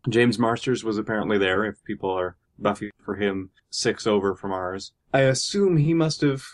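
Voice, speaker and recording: A man's voice: lowish voice, normal speed. A man co-hosting a casual chat, telling stories in a rambling way with lots of asides. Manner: rambling storyteller, full of asides.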